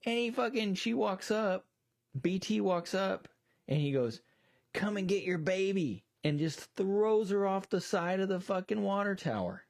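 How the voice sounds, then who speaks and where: A man co-hosting a casual movie discussion, retelling scenes with lots of swearing and quoted voices. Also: medium pitch. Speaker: podcast co-host.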